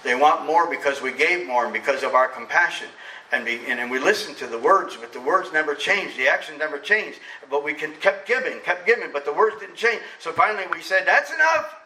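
A middle-aged man preaching a sermon as pastor, emphatic, swinging between loud preaching and soft confiding. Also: a little high, a little fast, recorded from a distance. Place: church sanctuary. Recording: echoey church hall from off-mic.

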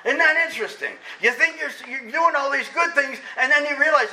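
A middle-aged man preaching a sermon as pastor, emphatic, swinging between loud preaching and soft confiding. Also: very high voice, fairly quick, distant mic. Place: church sanctuary. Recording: echoey church hall from off-mic.

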